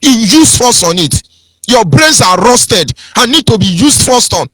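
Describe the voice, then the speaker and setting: A man's voice: extremely high pitch, very animated, a little slow, a bit bright, dry recording. A man with a Nigerian accent giving an impassioned, preachy political talk on radio, swinging into sing-song mockery. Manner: preachy, sing-song, mocking impressions of others. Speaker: radio broadcast speaker.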